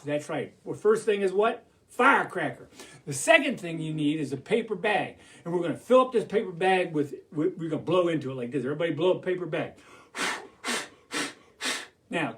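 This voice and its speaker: Animated male children's storyteller. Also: fairly high pitch. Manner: animated, call-and-response with the audience. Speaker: storyteller, puppeteer.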